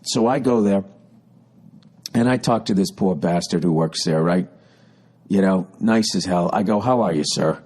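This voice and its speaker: Husky low-voiced middle-aged guy ranting and swearing on his podcast, exasperated. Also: a little slow, long pauses, darkish tone. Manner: rambling, exasperated, heavy swearing, ranting with rising intensity. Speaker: podcast host. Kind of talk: profane comic storytelling rant.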